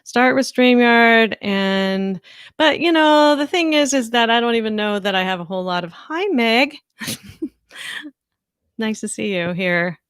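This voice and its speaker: A woman's voice: a little high, expressive, measured pace, a bit bright, smooth, no echo, studio quality. A woman hosting a casual livestream from home, chatting loosely and reading viewers' comments aloud. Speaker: livestream host. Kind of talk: casual live-stream chat.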